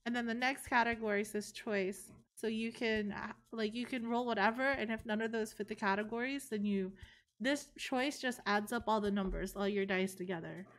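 A woman's voice: mid-range voice, normal speed. A woman streamer chatting casually during a game, teasing her opponent and explaining rules.

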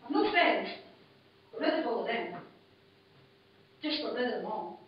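A woman's voice: a little high, big pitch swings, moderate pace. Woman paramedic, blunt, distant echoey recording. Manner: plain, blunt, clipped short phrases. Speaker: paramedic giving a conference talk. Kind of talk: personal testimony talk. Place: conference hall. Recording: distant, muffled room recording from a basic MP3 player.

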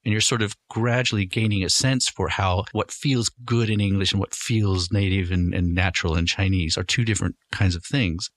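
Man, lower voice, professor-style explaining, quotes examples aloud. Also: fairly even intonation, moderate pace, hardly any pauses, fairly bright tone, dry recording. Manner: lecturing, acts out example sentences. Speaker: guest, Chinese professor. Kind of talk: explanatory interview talk.

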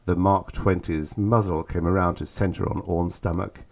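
A man reading a science fiction audiobook in a calm, measured voice. His voice sits fairly low and stays even as he tells the story. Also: vocal fry. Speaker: audiobook narrator. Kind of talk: scripted narration.

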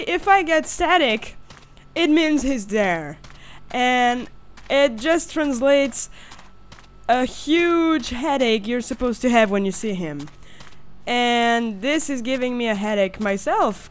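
A woman's voice: fairly high pitch, smooth. A young woman hosting a horror game let's play, screaming and squealing when scared, swearing, laughing nervously and apologizing to viewers. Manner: apologetic, chatty outro to viewers. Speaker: gaming channel host.

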